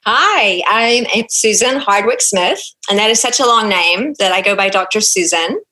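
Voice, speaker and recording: A woman's voice: mid-range voice, animated, moderate pace, sharp tone, low-quality recording. A woman in her fifties with a New Zealand accent, speaking frankly and candidly as a gynecologist guest on a podcast, with many fillers. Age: 50s. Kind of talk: podcast interview.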